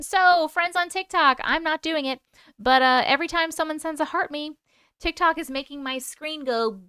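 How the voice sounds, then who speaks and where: A woman's voice: high voice, normal speed, pushed and bright, no room sound, clean studio sound. A woman with a New York accent hosting a casual livestream, chatting away, greeting viewers by name and swearing now and then. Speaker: livestream host and storyteller.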